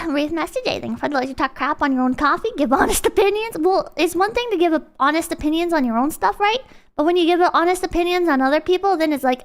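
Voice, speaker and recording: A woman's voice: very high-pitched, animated, a little fast, a bit bright, soft background music. A young woman streamer chatting casually and ranting, swearing and mock-quoting people. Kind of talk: casual livestream chat.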